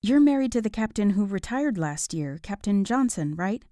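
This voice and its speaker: A woman's voice: medium pitch, sing-song, moderate pace, warm tone, no room sound, clean studio sound, natural voice. A woman voicing an anxious, lovestruck young woman in a romance audiobook, eager and a little lifted.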